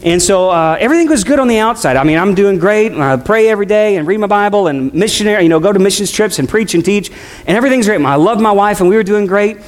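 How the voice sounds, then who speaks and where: A middle-aged man, a pastor, preaching a sermon in a conversational way, speeding up and slowing down as he tells a story. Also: sits high, expressive. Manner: conversational preaching with shifting pace.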